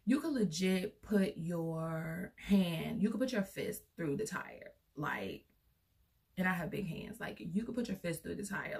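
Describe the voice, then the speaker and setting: A young woman vlogger tells a personal story casually and in a rambling way, filling the gaps with fillers. Her voice sits low, with a gravelly fry, and it sounds as if it is picked up from some distance away from the mic.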